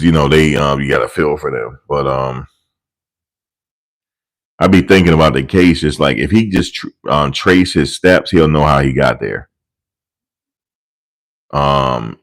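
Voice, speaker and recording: A very deep-voiced man, recorded roughly, hosts casual celebrity commentary and rambles through amused, cursing-filled stories into a desk USB microphone.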